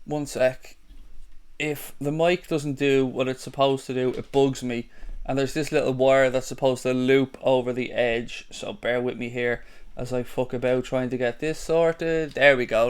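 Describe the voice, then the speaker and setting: A man's voice: medium pitch, a bit bright, clear, resonant tone. An Irish man hosting a casual live football stream from his living room, joking, swearing and reading out viewer comments on a studio mic. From Ireland. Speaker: football channel host. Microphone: studio condenser mic on a stand.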